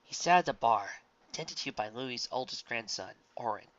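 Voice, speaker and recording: A man reading fan fiction aloud in a plain, even way, on a dull lo-fi recording. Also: medium pitch, normal speed. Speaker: reader.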